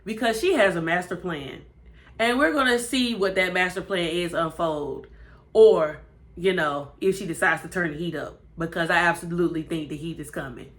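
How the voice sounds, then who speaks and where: A woman giving a chatty, animated recap of a TV episode and acting out the characters' lines. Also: fairly low pitch, normal speed. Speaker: TV show reviewer.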